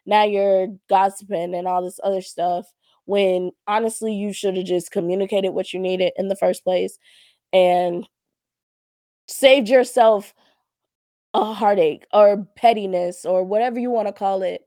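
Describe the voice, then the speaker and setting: A woman's voice: medium pitch, fairly even intonation, a little slow, dark tone, dry recording. Young woman host, casual and candid, slangy, dry close sound. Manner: chatty and candid, slangy, many fillers and laughs. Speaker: podcast host. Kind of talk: casual solo talk on communication.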